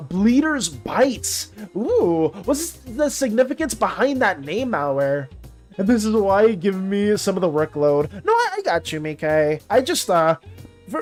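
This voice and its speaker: A streamer and artist with a medium-pitched, somewhat dark voice chats casually with viewers as she draws. She reads chat aloud and rambles, restarting often and using lots of fillers, over faint background music.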